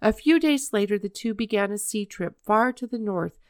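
A woman reading a children's story aloud in a measured, expressive way. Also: medium pitch, clear, resonant tone, no echo, studio quality.

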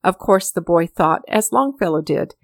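A woman telling a storybook tale in a measured, steady way. The recording is dry and close, with no room sound around her voice. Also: fairly low pitch, no room sound. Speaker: reader. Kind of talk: audiobook storytelling.

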